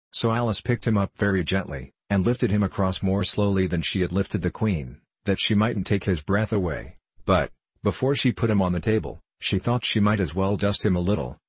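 Low husky guy reading a kids' storybook, steady pace, dry close sound. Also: no echo. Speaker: narrator.

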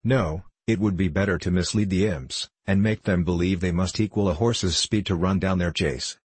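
Man voicing a gruff frontier scout, grave, commanding, storybook, deep voice, dry sound. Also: moderate pace, dry recording. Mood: stern.

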